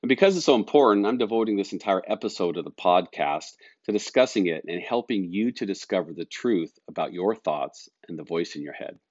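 Middle-aged male life coach hosting his own podcast; deep, calm, earnest delivery, recorded dry and a bit dull. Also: brisk, hardly any pauses, dry recording. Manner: calm, earnest, explaining with everyday examples. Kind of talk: solo podcast talk.

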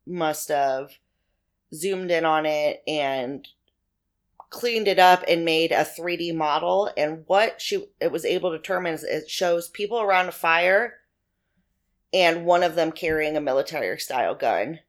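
A woman with a low voice co-hosts a podcast in easy, casual conversation. She thinks out loud, circling back and restarting phrases as she weighs each theory. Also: unhurried. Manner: speculative, conversational, with many restarts. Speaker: podcast co-host.

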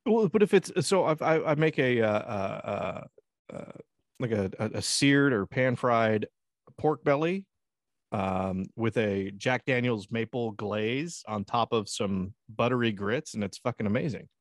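A man's voice: medium pitch, animated, measured pace, no echo, studio quality. An American man co-hosting a casual podcast chat, crude and laughing often. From United States. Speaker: podcast co-host.

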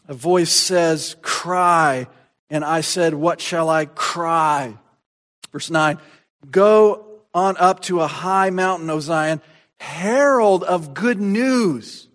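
Preaching from scripture, this man reads with strong emphasis, moving from quiet, unhurried passages to booming, shouted declarations. His pitch sits a little high.

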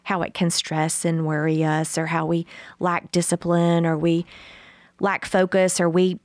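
A woman's voice: on the low side, unhurried, no room sound, clean studio sound. A woman co-hosting a podcast, telling a story in casual chat and acting out the quotes with laughter. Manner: animated storyteller, acts out quotes, laughs often. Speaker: podcast co-host.

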